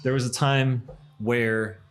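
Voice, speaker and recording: Man, thirties, podcast guest, casual storytelling, laughs often, middle-pitched voice. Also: faint music behind. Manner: animated, laughing, fast anecdotes. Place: coffee shop.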